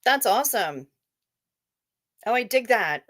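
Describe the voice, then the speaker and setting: A woman with a bright, crisp voice hosts a relaxed livestream and chats with her viewers. She talks in a playful, rambling way, reads their messages aloud and swears now and then. The sound is close and dry, with no room echo. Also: fairly high pitch, takes it slowly. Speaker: livestream host. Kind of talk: casual livestream chat with viewers.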